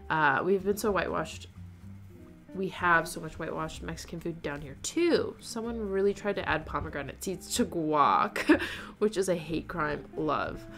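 A woman with a deep but fairly bright voice hosts a casual knitting livestream. She's chatty, laughs often, and reads viewer comments aloud.

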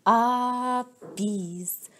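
A kindly older man, a teacher tending his garden, musing gently to himself, as a woman reads his lines aloud. The storybook delivery is slow and even. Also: on the high side.

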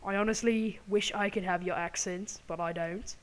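A woman's voice: medium pitch, fairly even intonation, moderate pace. Woman in a put-on British accent. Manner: exaggerated imitation of a British accent; chatty, apologetic asides to viewers. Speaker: gaming channel host. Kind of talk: gameplay commentary.

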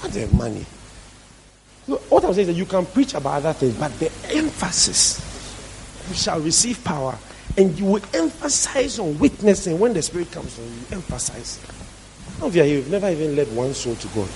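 A man's voice: on the high side, big pitch swings, moderate pace, gravelly, pauses often, a little mellow, slight background noise, rough recording. A man preaching a sermon as pastor, emphatic and repeating his key phrases for stress.

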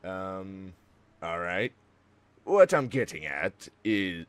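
A man's voice: deep voice, very animated, very slow, clear, resonant tone. A man hosting a casual role-play commentary over gameplay, laughing at his own mistakes and mocking himself. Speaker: let's-play host.

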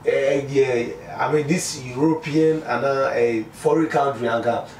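A man with a Ghanaian accent giving his view in a casual street interview, talking haltingly and mixing pidgin English and Twi. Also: mid-range voice, darkish tone. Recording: echoey, distant mic, faint noise.

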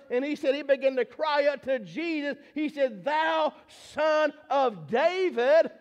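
A man preaching a fervent sermon, repeating phrases and rising to shouts. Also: very high voice, dull audio.

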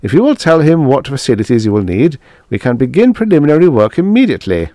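A man's voice: medium pitch, sing-song, fast, warm tone, no room sound, studio quality, voice pushed up, close to an everyday voice. A man voicing a smug male army colonel who talks with boyish eagerness. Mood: polite.

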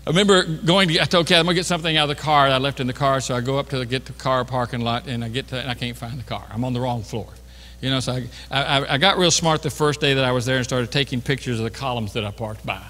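Man, middle-aged pastor, rapid delivery, bright tone, church hall reverb. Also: medium pitch, fairly even intonation. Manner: chatty, self-mocking, many restarts. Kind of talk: storytelling sermon. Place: church sanctuary.

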